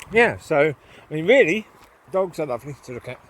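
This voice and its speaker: A man walks his dogs through the woods and talks casually in a nasal, fairly bright, somewhat high voice, rambling with lots of ums and calling to the dogs. The walk-and-talk monologue carries slight background noise.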